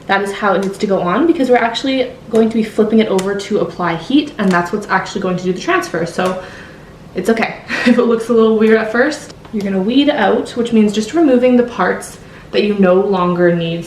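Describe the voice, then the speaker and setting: Friendly woman host talking viewers through a craft project, steady mid voice, roomy echo with a faint hum. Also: mid-range voice, a little fast. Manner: chatty, friendly, recommends products. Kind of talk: casual step-by-step tutorial voice-over.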